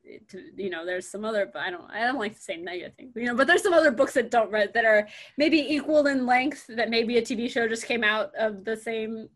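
A young American woman in casual conversation, talking in halting stretches full of fillers and restarts. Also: fairly high pitch, fairly bright tone. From United States. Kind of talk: casual chat.

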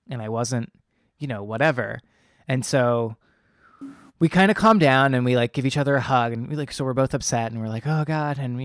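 A man's voice: mid-range voice, no echo, studio quality. Young man telling a rambling personal story. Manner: rambling and earnest, with many fillers.

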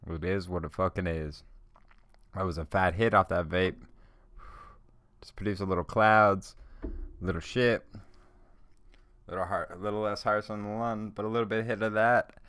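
A man hosting a solo podcast who talks in a casual, rambling, profane way while high. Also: little pitch movement, moderate pace, long pauses, a bit bright, dry recording, clean studio sound. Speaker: podcast host.

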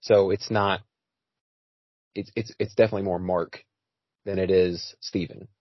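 A man's voice: sits low, steady tone, unhurried, dry recording. A man hosting a casual podcast chat, talking with frequent fillers and restarts. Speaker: podcast host. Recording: dry, slightly dull audio.

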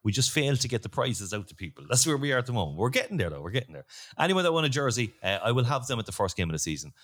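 A man's voice: medium pitch, racing. A man hosting a football podcast in casual, joking chat. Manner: jokey, loose and lively. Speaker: podcast host.

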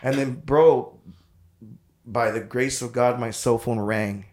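A man telling a raunchy road story in casual podcast chat, profane and animated, acting out the people he quotes. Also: mid-range voice, takes it slowly, roomy sound, a little hiss or hum. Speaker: podcast guest.

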